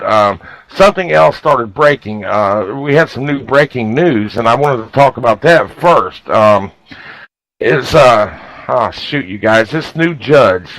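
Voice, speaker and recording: A man's voice: medium pitch, a bit bright, no room sound, poor audio. Fired-up folksy talk radio host, man. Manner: folksy, fired-up, keeps saying "you guys".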